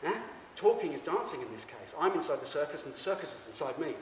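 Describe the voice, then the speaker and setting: A man's voice: on the high side, big pitch swings, fast talker, a little hiss or hum. A man giving a rambling, stammering stage monologue, addressing the audience directly. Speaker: stage performer. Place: performance stage in a hall. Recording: echoey hall, mic far off.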